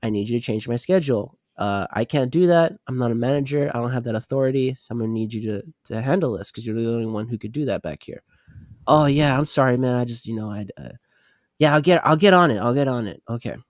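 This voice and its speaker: A podcast co-host, sounding sick and congested, tells a work story as a casual rant, acting out quoted lines and swearing. He talks fast at a medium pitch, and the recording is dry with clean studio sound.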